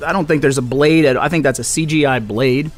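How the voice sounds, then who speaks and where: A man's voice: medium pitch, fairly quick, soft background music. A man co-hosting a film podcast, giving blunt, offhand opinions in a casual chat. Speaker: podcast co-host.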